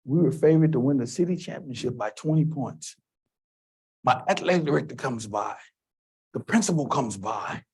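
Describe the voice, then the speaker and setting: A man from Texas giving a motivational keynote, telling stories in an emphatic, animated way. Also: medium pitch, normal speed, husky. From Texas, USA. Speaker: keynote speaker. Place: conference hall stage.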